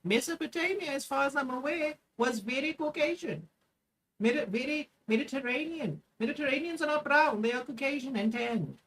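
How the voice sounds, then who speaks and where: A woman's voice: high-pitched, a little fast, fairly bright tone. A woman streamer reacting to clips in a profane, mocking rant, swearing heavily.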